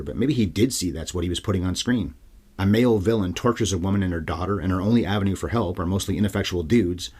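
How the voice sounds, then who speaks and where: Low and husky, this man runs a solo film review podcast, talking casually and irreverently with wry, sarcastic asides. He's a profane, irreverent podcast host.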